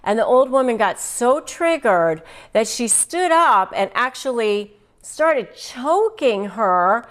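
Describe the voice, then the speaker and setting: Brief: middle-aged woman host, mid-pitched voice, emphatic advice-video delivery, acts out sample phrases. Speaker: host, negotiation advice presenter. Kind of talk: direct-to-camera advice video.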